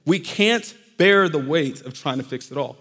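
High-voiced pastor in a reverberant church. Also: male voice, animated, normal speed, a bit bright, slightly rough. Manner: conversational, addresses congregation directly. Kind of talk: sermon. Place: church sanctuary. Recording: long reverb of a church hall.

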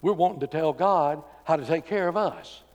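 A man preaching a sermon as pastor, swinging from loud emphatic calls to quiet, intimate talk. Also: fairly high pitch, normal speed. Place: church sanctuary. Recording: church sanctuary with long reverb.

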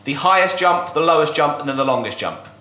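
A man hosting a comic podcast game, briskly explaining silly rules and often breaking into laughter. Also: on the high side, animated, noisy background. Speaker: game host. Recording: roomy echo.

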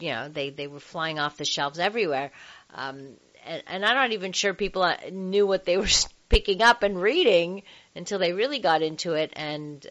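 A chatty woman hosting a radio talk show on sex, her voice sitting a little low for a woman. She talks loosely with fillers and laughs easily. The audio sounds dull and lo-fi. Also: fairly bright tone.

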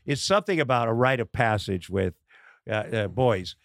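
A man's voice: medium pitch, lively intonation, vocal fry, a bit bright, no room sound. Candid middle-aged man, dry close sound. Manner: candid storytelling, halting with fillers, acting out dialogue. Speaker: podcast guest, comedian. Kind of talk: casual chat.

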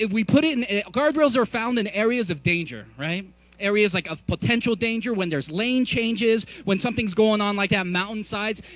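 A middle-aged man preaching a sermon in an animated, confessional way, telling stories and restarting often. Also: high-pitched, no room sound. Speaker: pastor.

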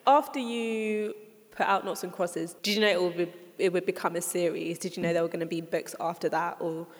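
Calm, low-voiced woman interviewer. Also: brisk, in a large hall, a little hiss or hum. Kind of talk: interview questions.

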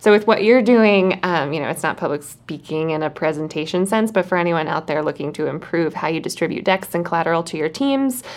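A woman's voice: sits low, animated, a little fast, hardly any pauses. A woman co-hosting a podcast who speaks in an upbeat, casual way and laughs readily, including when reading a sponsor message. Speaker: podcast co-host. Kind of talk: casual chat with sponsor read.

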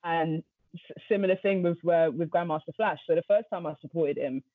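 A young woman DJ telling stories in a casual interview, animated and quick to act out what others said. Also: no room sound. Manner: animated, acts out quotes with sudden jumps in pitch. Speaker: DJ and radio presenter, guest. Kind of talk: casual storytelling chat. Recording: tinny phone-like remote line, dry.

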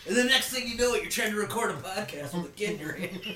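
High lively man far from mic. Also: fast. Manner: wry, crude jokes. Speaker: podcast co-host. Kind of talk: casual chat. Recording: echoey room, off-mic, crowd behind.

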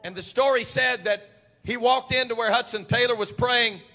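Guy preaching, really high bright voice, big echoey hall. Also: moderate pace. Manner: fervent, rising to shouts. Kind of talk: sermon.

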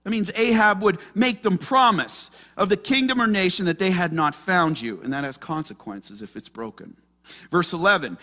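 Animated high-voiced male preacher in a hall. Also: moderate pace. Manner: animated, acts out frightened voices of scripture figures. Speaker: pastor. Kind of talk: sermon. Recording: long hall reverb.

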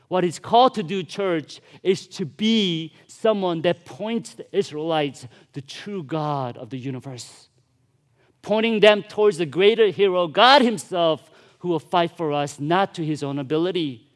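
Pastor, male, lively storytelling sermon with playful asides, slightly high voice. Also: measured pace. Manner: animated storytelling, acting out voices with casual asides.

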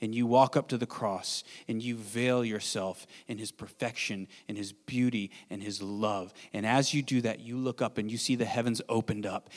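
A man pastor preaching an earnest sermon in a church, swinging between bold declarations and hushed, quiet passages. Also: medium pitch, big-room sound. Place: church sanctuary.

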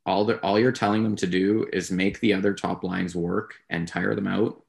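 A man with a very deep, gravelly voice talks casually on a podcast. He hedges and rambles through his points in a flat, even tone. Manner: rambling, measured, hedging. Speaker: podcast co-host. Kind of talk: casual sports talk.

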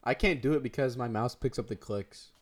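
A teen boy co-hosting a podcast chats casually with friends in a brisk, mid-range voice. His talk is slangy and rambling, and he laughs a lot.

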